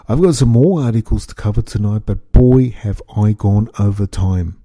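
A man rants on his own podcast, angry and stumbling over repeated words as he swears. His voice is low and very dark and mellow. The sound is dry and close, with no room in it. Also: normal speed, hardly any pauses, no room sound. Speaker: podcast host. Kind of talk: ranting solo podcast.

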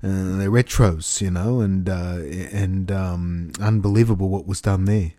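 A man co-hosting a podcast in casual chat, halting and trailing off with many fillers. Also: sits low, steady tone, warm tone, dry recording.

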